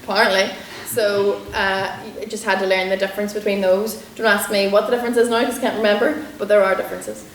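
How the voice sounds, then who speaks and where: A Northern Irish woman with a Derry lilt tells stories as an interview guest, chatty and quick to laugh. Her voice carries in a roomy lecture room, with a faint hiss under it. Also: medium pitch, little pitch movement. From Northern Ireland. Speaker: guest comedian and actor. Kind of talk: storytelling interview answers. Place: lecture room in a university building.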